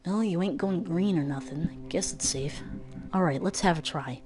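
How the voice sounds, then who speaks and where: A woman voicing a brash, scrappy young female thief who talks in gruff, blunt slang. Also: lowish voice, normal speed, natural voice. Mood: cocky.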